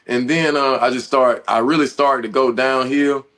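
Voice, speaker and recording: Appearing as a podcast guest, a man in his thirties who once played football recounts something deeply personal and emotional. He talks at a medium pitch with fairly even intonation and a slightly bright quality, sounding earnest and halting, full of fillers and restarts.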